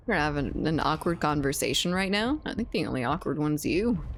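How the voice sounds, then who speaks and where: A woman's voice: deep voice, a little hiss or hum. A young woman streaming a game, chatting candidly with her chat, joking and laughing often. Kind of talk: casual stream chat while gaming.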